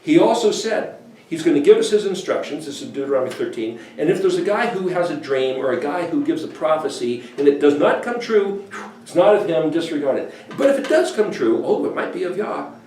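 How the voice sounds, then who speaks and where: A man giving an informal, animated scripture teaching, acting out quoted voices as he goes. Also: on the high side, brisk, slight background noise. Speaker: bible teacher. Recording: echoey room, voice from a distance.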